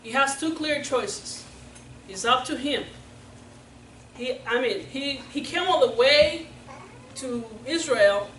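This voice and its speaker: A woman from Puerto Rico preaching a sermon, telling a Bible story in a playful, animated way. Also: high voice, slow, long pauses, noisy background. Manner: animated, playful, acts out characters. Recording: roomy church sound from a distance.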